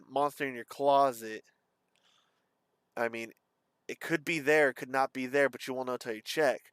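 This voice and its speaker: Young guy rambling on, kinda halting, little lisp, mid pitch, super dry sound. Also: smooth, no room sound. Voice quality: slight lisp or slur. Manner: rambling, halting, self-described stutter. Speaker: streamer. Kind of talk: casual vlog monologue.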